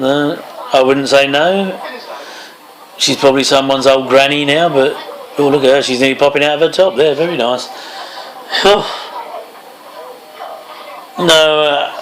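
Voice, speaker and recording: A man's voice: mid-range voice, fairly bright tone, rough recording. A man giving casual movie commentary, full of chatty wry asides and chuckles. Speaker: film commentator.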